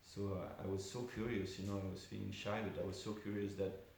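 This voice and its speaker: A man's voice: sits low, flat delivery, a little fast, creaky, darkish tone. A man giving an informal class at a temple, telling a story conversationally with many asides. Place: temple hall. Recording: very echoey room with faint hiss.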